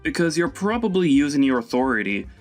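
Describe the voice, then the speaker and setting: A man's voice: a little high, very animated, fairly quick, soft background music. A man voicing a stern, reproachful young husband. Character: young husband angrily confronting his mother. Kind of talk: voiced animated story drama.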